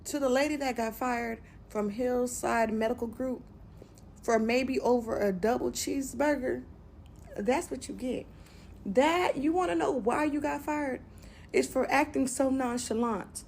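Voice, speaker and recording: A woman's voice: high-pitched, a little slow, creaky, a little mellow, slight background noise. Woman commentator, exasperated, ranting, cusses freely. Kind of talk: reaction rant.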